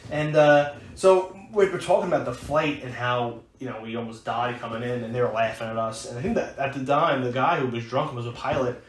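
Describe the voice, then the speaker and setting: A man's voice: mid-range voice, fairly even intonation, a little fast, few pauses. Man, American, podcast co-host, rambling casual storyteller, echoey room, faint background hiss. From United States. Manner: rambling storyteller with many restarts and fillers. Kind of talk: casual chat.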